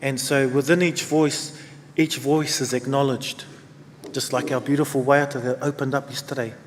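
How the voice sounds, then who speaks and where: A man's voice: mid-range voice, normal speed, slight background noise. Man with a New Zealand accent, echoey hall. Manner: relaxed, rambling, many fillers. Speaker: conference speaker. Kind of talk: speech to an audience. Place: conference hall.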